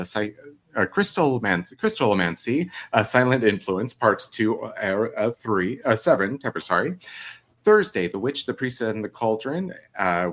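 A man reading out a weekly show schedule as announcer, halting with fillers and corrections. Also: medium pitch. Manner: halting, with many fillers and slips.

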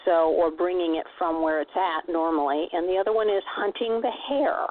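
A woman's voice: lowish voice, normal speed. A woman co-hosting a radio show, chatting casually and rambling with restarts. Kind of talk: casual chat. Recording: tinny phone-like radio sound.

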